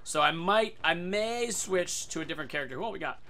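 A man hosting his own gaming channel, giving live commentary over a match and breaking into loud excited outbursts. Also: high voice, fairly quick. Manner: excitable, loud outbursts and yelling at other players. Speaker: gaming video host. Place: home room.

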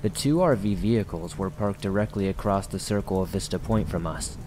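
A man narrating a horror story in a steady, measured way. His voice sits low. Faint rain can be heard behind him. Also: slight background noise, low-quality recording.

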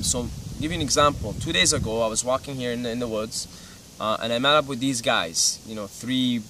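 A young Syrian man gives casual advice in a laid-back, rambling style packed with "you know" and "right". His mid-range voice sounds pushed and bright, picked up by a slightly distant mic with faint ambient noise.

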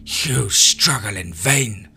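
A man's voice: lively intonation, sharp tone, soft background music, full character voice. A man doing an echoing power-drunk villainess. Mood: booming scorn. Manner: crooning, booming and slow. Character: menacing woman villain swollen with stolen power. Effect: slight echo on voice. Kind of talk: horror story reading.

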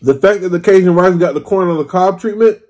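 A man's voice: high voice, a little mellow. A man in his thirties, a food vlogger, ranting in an exasperated, swearing way during a mukbang. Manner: exasperated, swearing, drawn-out complaints. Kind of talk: mukbang rant.

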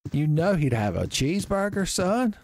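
A man's voice: high voice, big pitch swings, moderate pace, a little mellow, no echo. A man doing joking, rambling gameplay commentary, calling listeners son. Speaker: let's play host. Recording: game music behind voice.

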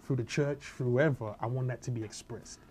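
A comedian with a British accent who grew up partly in Nigeria, telling stories in a casual, animated interview chat. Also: male voice, mid-range voice, a little fast, a little hiss or hum. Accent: British English. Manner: animated storytelling. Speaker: comedian guest.

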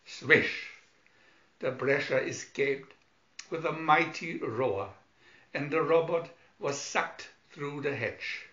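A man reading a picture storybook aloud in a slow, deliberate manner. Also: a little high, a bit bright. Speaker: reader. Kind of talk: storybook narration. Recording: echoey, dull home recording.

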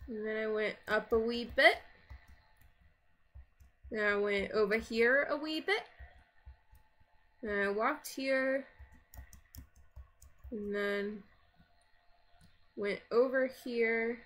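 Woman gamer doing let's-play commentary; high, bright voice, unhurried, chatty self-talk that jumps between grumbling and jumpy alarm. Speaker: gaming video creator.

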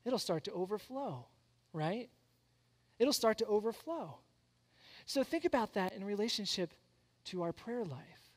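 A man in his thirties preaching a sermon, animated and storytelling, swinging from soft reflection to loud excitement. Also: high-pitched. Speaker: pastor. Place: church sanctuary. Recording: long church hall reverb.

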